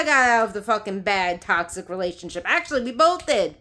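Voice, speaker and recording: A woman's voice: mid-range voice, animated, brisk, bright, forceful tone. A young woman ranting to her phone camera, heated and sarcastic, swearing and laughing bitterly. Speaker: vlogger. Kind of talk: angry personal rant to camera.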